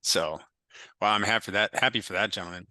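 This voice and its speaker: A man's voice: lowish voice, fast talker, sharp tone, no echo. A man hosting a podcast, chiming in with short affirmations and follow-ups. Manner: brief affirming interjections. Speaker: podcast host. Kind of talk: interview backchannel.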